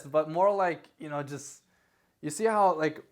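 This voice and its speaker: A young man with a fairly high voice speaks a little slowly as he rambles through tips for his YouTube advice vlog, recording himself indoors on a camera aimed at him. He corrects himself often, gestures with his hands, and his lively delivery varies in loudness.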